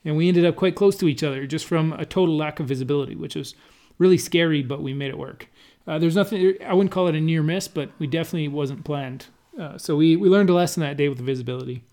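A man's voice: fairly high pitch, mellow. Here is a man with a slightly raised voice telling a friend about flying in an air race. He speaks in a loose, conversational way, full of fillers and false starts, and breaks into the odd laugh as he remembers. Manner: halting, many restarts and fillers, laughs while telling. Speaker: pilot recounting an air race event. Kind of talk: casual conversational recollection.

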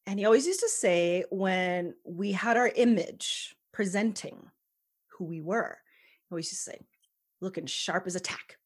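A woman's voice: mid-range voice, expressive, moderate pace. A woman guest on a podcast, talking earnestly and emphatically, sometimes dropping almost to a whisper. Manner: earnest, emphatic, softens to near-whisper at times. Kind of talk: casual interview chat.

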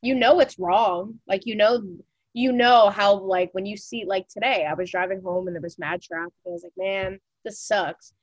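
A woman chatting casually as a podcast co-host, playful and slangy and quick to laugh. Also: mid-range voice, no echo, muffled recording. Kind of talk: casual chat.

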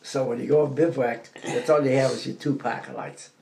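An older man from the Boston area telling stories about his army days in a casual, animated way. He laughs often and shouts out the lines he quotes. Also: medium pitch, a little fast, vocal fry, a little hiss or hum. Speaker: veteran telling war stories. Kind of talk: casual storytelling.

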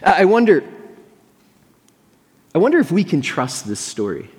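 A man's voice: fairly high pitch, wildly swooping pitch, moderate pace, darkish tone. A man preaching a sermon as pastor, telling a story earnestly and imagining what people thought and said. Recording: long reverb of a large hall.

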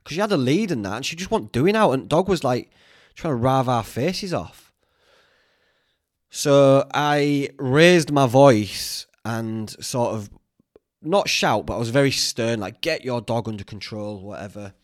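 A man's voice: mid-range voice, animated, a little slow. Chatty, swearing Northern English man. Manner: chatty, swears freely, tangential storytelling. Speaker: podcast host. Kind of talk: casual rambling chat.

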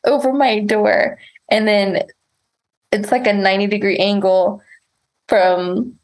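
A woman's voice: mid-range voice, fairly even intonation, slow pace, darkish tone, rough recording. A woman telling a story in casual chat, laughing often, swearing and rambling with lots of fillers.

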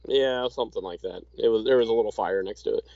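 A man co-hosting a casual chat, easygoing and halting, with a dry sarcastic streak. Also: fairly low pitch, mellow, lo-fi sound. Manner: easygoing, many fillers and restarts, dry sarcasm. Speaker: podcast co-host.

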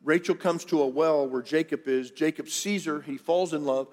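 A man's voice: fairly high pitch, moderate pace, a little mellow. A middle-aged male pastor telling a story as a sermon, casual and jokey, with asides to his congregation. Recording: long church hall reverb.

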